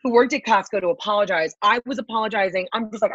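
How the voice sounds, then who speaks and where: A woman's voice: mid-range voice, lively intonation, fast, husky, no room sound, highs cut off. A woman on a casual podcast who tells profane, brash stories and acts out what people said. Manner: profane, brash storytelling with acted quotes.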